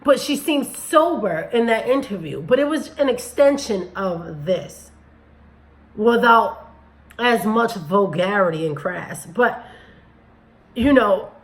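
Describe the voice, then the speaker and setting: A woman's voice: medium pitch, animated, takes it slowly, low-quality recording. A woman hosting a commentary channel, speaking bluntly and critically as she addresses her viewers. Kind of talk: casual commentary on a video.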